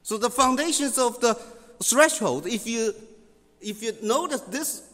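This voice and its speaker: A man teaching scripture in sermon style, halting with many fillers and repeating key phrases for emphasis. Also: extremely high pitch, animated, fairly bright tone, in a large hall.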